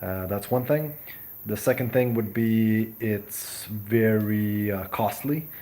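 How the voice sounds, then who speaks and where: A man's voice: fairly low pitch, slow, dark tone. A young man from Serbia, a native Serbian speaker, hosting a casual live chat and answering comments in a hesitant, friendly way. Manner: hesitant, many ums and restarts, friendly. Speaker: live stream host.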